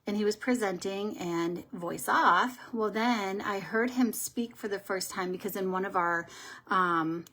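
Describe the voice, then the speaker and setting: Woman, makeup livestream host, casual chat, rambling storyteller, middle pitch. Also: unhurried, sharp tone.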